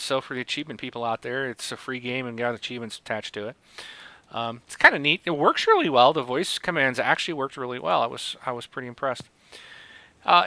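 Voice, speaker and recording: A man's voice: medium pitch, sharp tone, smooth, no echo. A man hosting a casual podcast about video games, rambling with many fillers and restarts. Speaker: podcast host.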